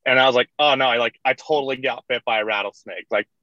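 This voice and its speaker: A man's voice: mid-range voice, quick pace, pushed and bright, no room sound. Young man rambling through a story, lo-fi. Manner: rambling, heavy use of "like", laughs through retellings. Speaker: podcast guest, kayaker. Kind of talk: casual storytelling. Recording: dull lo-fi dry sound.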